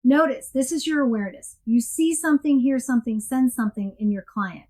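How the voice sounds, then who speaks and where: Woman w/ a slightly high voice, calm scripted coaching lesson, clear and emphatic. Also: a little fast. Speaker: coaching instructor. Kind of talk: scripted instructional narration.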